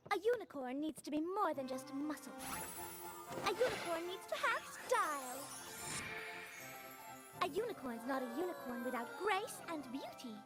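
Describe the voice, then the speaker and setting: Prim fashionable unicorn, refined diction, high, music behind. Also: female voice, very animated, moderate pace, pauses often. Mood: defiant. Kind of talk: cartoon voice acting.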